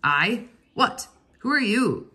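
A woman reading aloud, voicing an impatient, scornful male foreman who snaps curt orders in a storybook, her voice low and slightly husky. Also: lively intonation, normal speed, pushed and bright, full character voice. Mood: snappish.

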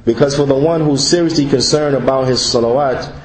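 A man interpreting a religious lecture, speaking deliberately and repeating each point. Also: mid-range voice, roomy sound, rough recording.

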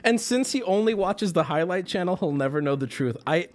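A male streamer telling a story to his chat in a casual, animated way, laughing, swearing and acting out voices as he goes. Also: high-pitched, brisk, few pauses, soft background music.

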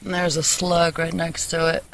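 A candid vlogger rambles through a casual personal chat, swearing freely and laughing often. The voice sits at a middling pitch. It is caught on a handheld phone outdoors in a meadow, with faint background noise. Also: completely flat delivery, moderate pace, vocal fry, fairly bright tone, rough recording. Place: outdoors in a meadow, sitting on a wooden bench.

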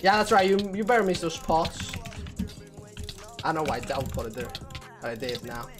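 A woman's voice: low voice, expressive, normal speed, over music. A woman giving live gameplay commentary, talking to herself, getting frustrated and swearing often. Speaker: gamer.

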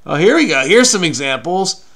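A man's voice: a little high, big pitch swings, moderate pace, creaky, a bit bright. A man hosting a crossword-solving video, talking frenetically and muttering to himself as he searches. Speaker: crossword solver. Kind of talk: casual puzzle-solving commentary.

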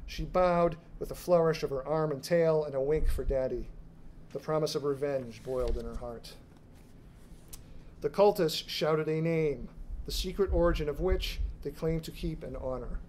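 A man, an author, reading his dark fiction aloud at a live literary event, in a measured, dramatic storytelling manner. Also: on the high side, slight background noise, rough recording. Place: bar reading room.

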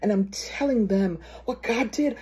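Woman, preacher, sermon, husky raspy voice, lively storytelling, quotes acted out. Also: medium pitch, measured pace. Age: adult.

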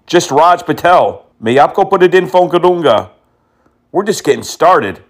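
A man's voice: fairly high pitch, lively intonation, moderate pace. A man prank-calling phone scammers, teasing and mocking them and dropping in Hindi words and insults. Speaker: scam-baiting prank caller.

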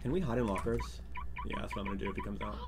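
A man hosting a game session with friends, talking excitably and yelping when startled. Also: lowish voice, very fast, very noisy. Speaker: gaming host.

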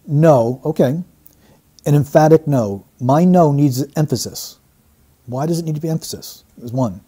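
A man working as a statement analyst, giving measured, explanatory commentary and repeating key phrases as he breaks down an interview. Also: on the high side, mellow.

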